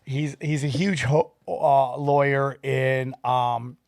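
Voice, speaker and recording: A middle-aged man hosting a podcast, telling a story with excited energy, swearing freely and acting out both sides of a conversation. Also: mid-range voice, slow, gravelly, no room sound, studio quality. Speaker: podcast host. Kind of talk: casual chat, storytelling.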